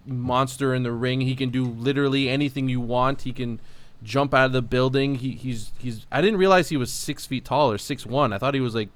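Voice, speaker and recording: A man's voice: medium pitch, steady tone, a little fast, no room sound. A man co-hosting a casual wrestling podcast, talking with enthusiasm and rambling with fillers. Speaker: podcast co-host. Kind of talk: casual chat.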